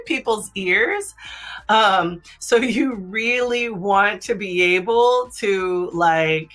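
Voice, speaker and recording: A woman hosting a casual live-stream of sex advice, chatty, with many fillers and "right?" tags, sometimes dropping into a low, slow voice to make a point. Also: lively intonation, a bit bright. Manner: drops into a low slow voice to demonstrate. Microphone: streaming setup.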